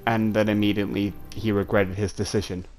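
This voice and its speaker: A man's voice: fairly low pitch, level tone, fairly quick, a little mellow, soft background music. A man giving jittery let's play commentary, swearing and talking straight to his viewers. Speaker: gamer.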